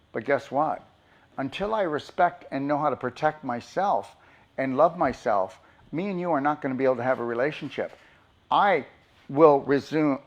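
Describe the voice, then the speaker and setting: A man's voice: mid-range voice, gravelly, muffled recording. A man, a doctor, giving an impassioned motivational talk and pressing his audience with rhetorical questions.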